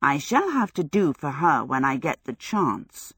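Calm, dry old woman muttering to herself; woman narrator doing it. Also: a little slow, slightly rough, dry recording, exaggerated voice. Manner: calm, low, matter-of-fact. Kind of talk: audiobook character voice.

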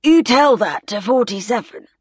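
A woman voicing a nervous male captain in an audiobook, hoarse and anxious. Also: a little high, animated, moderate pace, dry recording, voice pushed up. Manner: tense, anxious.

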